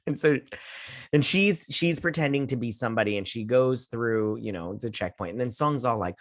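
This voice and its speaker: A young show host runs a casual episode review, sarcastically recapping the plot and mocking the characters' lines with quick put-on voices. His voice is mid-range.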